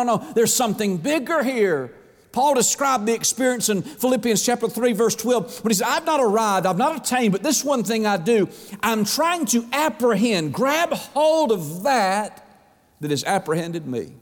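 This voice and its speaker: A man preaching a sermon in a church. His pitch swings widely, he stretches words for emphasis, and he asks rhetorical questions. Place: church sanctuary. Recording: long hall reverb.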